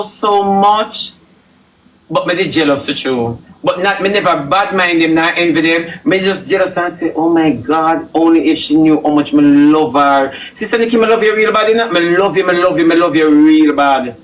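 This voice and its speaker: A man's voice: high-pitched, normal speed, fairly bright tone, distant mic, poor audio. A man with a Jamaican accent interviewing a guest, effusive and gushing, often repeating himself. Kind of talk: comic interview chat.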